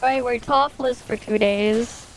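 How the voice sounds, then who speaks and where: A woman's voice: fairly high pitch, steady tone, slow. A woman streaming a game, chatting casually with viewers in a laid-back way, swearing and laughing often. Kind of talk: casual live-stream chat while gaming. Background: game music.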